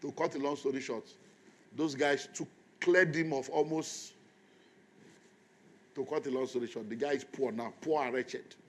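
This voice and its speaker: A middle-aged man with a Nigerian accent preaches to a congregation, his voice sitting at an everyday middle pitch. He tells a long personal story and then turns to the crowd, telling them to repeat lines to the people beside them. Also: normal speed, pauses often. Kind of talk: sermon.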